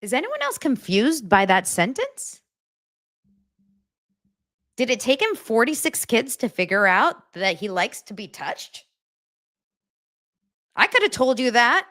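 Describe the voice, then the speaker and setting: A woman hosting a casual pop culture show in a sarcastic, chatty way. Her pitch swings widely, from loud outbursts down to low muttered asides. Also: sing-song, a little slow, long pauses. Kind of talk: casual commentary recap.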